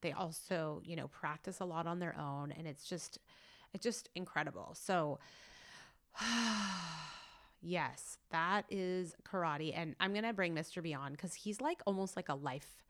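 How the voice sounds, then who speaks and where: Woman podcast host, casual and gushing, rambling storyteller, low-ish pitch. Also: moderate pace. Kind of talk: casual chat.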